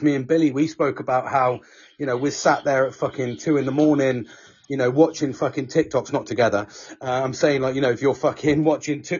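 With a husky, slightly mellow voice at medium pitch, this man hosts a podcast of easygoing chat. He reassures listeners with advice and calls them all mate, and the audio is dull and lo-fi.

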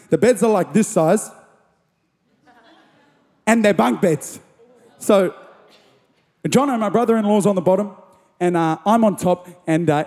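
A young man preaching a sermon in a church hall, animated and rising to shouts on key lines. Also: high-pitched. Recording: long hall reverb.

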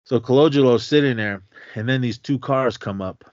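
A man's voice: medium pitch, moderate pace, no room sound. A man co-hosting a podcast, animatedly retelling a film scene in casual chat and acting out the scenes. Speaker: podcast co-host. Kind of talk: casual movie recap chat. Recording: dull lo-fi sound.

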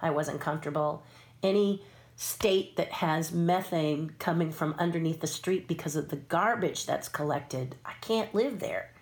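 A woman's voice: low-pitched, a little slow. An older woman, a puppeteer and sculptor, telling stories from her career in a casual interview, acting out the voices of the people she quotes.

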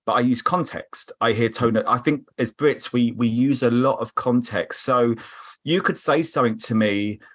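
A man's voice: medium pitch, normal speed, a bit bright. A man from England with a South London accent, a podcast guest chatting and telling stories with quoted voices. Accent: South London English. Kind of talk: casual chat.

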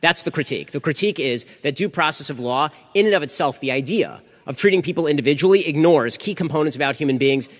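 A man answering audience questions in a rapid-fire, argumentative way, with frequent restarts. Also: a little high, fairly bright tone. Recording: reverberant hall.

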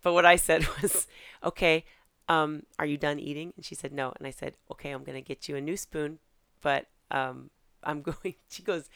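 A woman's voice: sits low, fairly quick, clear, resonant tone, dry recording, clean studio sound. A woman co-hosting a comedy podcast, telling stories in casual chat and acting out what others said. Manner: animated storytelling, acting out dialogue, frequent laughs. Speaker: podcast co-host.

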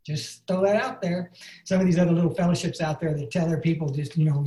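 A man's voice: on the high side, steady tone, fast talker, mellow, echoey room. A man giving an earnest, folksy recovery talk full of "and, uh" fillers. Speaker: recovery speaker. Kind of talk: personal testimony talk. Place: online meeting.

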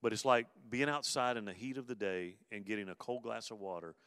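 Resonant preacher in a big hall. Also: male voice, fairly low pitch, fairly quick, clear, resonant tone. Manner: conversational preaching, hushed at tender moments, rising to emphatic bursts. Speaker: pastor. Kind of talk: sermon.

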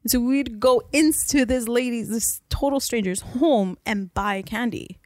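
A woman's voice: a little high, a little slow, a little mellow, no room sound, studio quality. A woman co-hosting a podcast, rambling through casual chat with lots of fillers. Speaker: podcast co-host.

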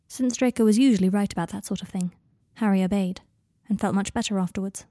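A woman narrating a fan fiction audiobook with soft, expressive, intimate storytelling. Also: mid-range voice, fast talker, no room sound, clean studio sound.

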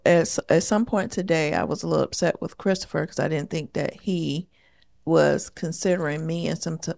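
A woman's voice: fairly low pitch, gravelly. A woman co-hosting a podcast, chatting casually and telling stories. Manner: chatty, storytelling, laughs often. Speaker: podcast co-host. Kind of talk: casual relationship talk.

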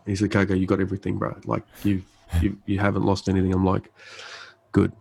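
Laid-back low-voiced man telling war stories. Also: completely flat delivery, quick pace, gravelly, a little mellow, slightly rough, low-quality recording. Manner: laid-back, frequent fillers and restarts, acts out quoted dialogue. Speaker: guest, army medic. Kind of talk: conversational storytelling.

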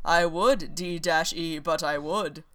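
A woman voicing a gruff, blustering old male naval admiral who swears heartily. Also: sits low, takes it slowly, fairly bright tone.

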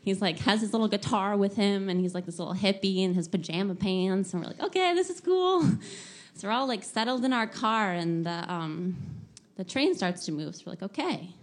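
Young woman telling a story, lots of laughing and likes, super animated. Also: medium pitch, moderate pace. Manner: animated, laughing often, many filler likes. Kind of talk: casual personal storytelling.

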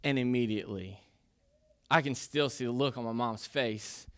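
A man's voice: mid-range voice, moderate pace. A man in his thirties, a pastor preaching a casual, conversational sermon full of personal stories and fillers. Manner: conversational, self-deprecating, with frequent fillers.

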